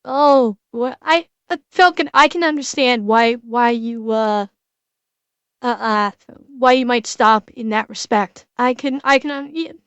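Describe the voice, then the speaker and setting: Woman, high voice, dry close sound, earnest, stumbling restarts, reaction commentary. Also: fairly bright tone, clean tone, dry recording, lo-fi sound. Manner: halting, with many restarts and repeated words; earnest and emotional. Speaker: streamer reacting to a video.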